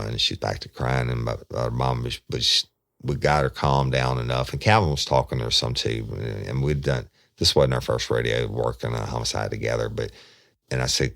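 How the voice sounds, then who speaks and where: A man's voice: a bass voice, fairly even intonation, normal speed, creaky, a bit bright, dry recording, studio quality. A man, a retired detective hosting a podcast, telling a true crime story in an earnest, folksy way. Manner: folksy, earnest, speaks straight to listeners.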